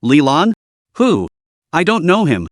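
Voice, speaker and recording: A man voicing a huge, short-tempered giant in crimson armor who speaks gruffly and impatiently, in a lively voice on a dry recording. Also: fairly high pitch, takes it slowly, no echo, full character voice.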